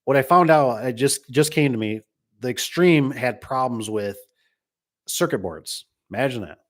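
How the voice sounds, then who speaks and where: Middle-aged male tradesman, casual live-chat storyteller, jokey and rambling, with an average-pitched voice. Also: lively intonation, normal speed. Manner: rambling, joking, many restarts and asides. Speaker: garage door business owner.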